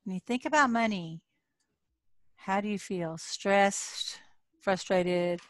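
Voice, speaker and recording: An older woman coaching a live online audience, telling a story with frequent laughs and then guiding them through soft, slow reflection prompts. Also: mid-range voice, dry recording. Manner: slows into soft guided prompts.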